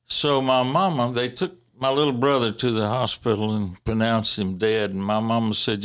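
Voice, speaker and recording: Halting storytelling man. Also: medium pitch, a bit bright. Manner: halting, with many fillers and restarts; chuckles while recalling. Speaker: interviewee recalling family history. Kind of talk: casual storytelling.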